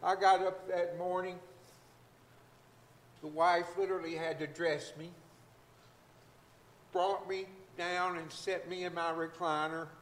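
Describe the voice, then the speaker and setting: A middle-aged man, a physician, giving a fervent, emotional testimony in church and breaking into shouts of hallelujah. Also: high voice, flat delivery, slow, pauses often, reverberant, a little hiss or hum. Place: church sanctuary.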